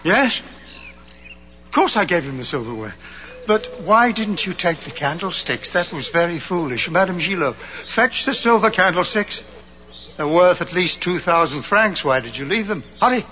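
A gentle older bishop. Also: male voice, high voice, normal speed, heavily acted. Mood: gently firm. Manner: calm, kindly, firm. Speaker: film actor. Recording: dull film soundtrack, faint noise.

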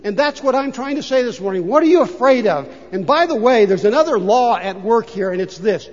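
An older man preaching a sermon as a pastor, swinging between loud emphasis and hushed asides. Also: extremely high pitch, lively intonation, fairly quick, hardly any pauses. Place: church sanctuary. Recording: dull reverberant church recording.

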